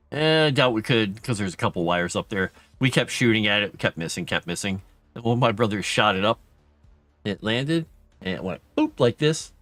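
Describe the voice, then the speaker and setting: A middle-aged man hosting a livestream, chatting casually with his viewers and telling stories from his childhood in a self-deprecating way, with a higher pitch when he acts out what others said. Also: a bit bright, no room sound. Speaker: livestream host. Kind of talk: casual storytelling to chat.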